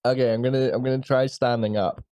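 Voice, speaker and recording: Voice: mid-range voice, fairly even intonation, fast, warm tone, no room sound. Swearing tabletop player, dry sound. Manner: swears freely, exasperated. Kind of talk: casual game chat.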